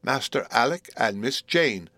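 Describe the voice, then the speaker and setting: A man's voice: medium pitch, big pitch swings, a little fast, a bit bright, no echo. A man doing a scolding working-class nursemaid. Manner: scolding, exclaiming, plain-spoken. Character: bustling, blunt working-class woman nursemaid.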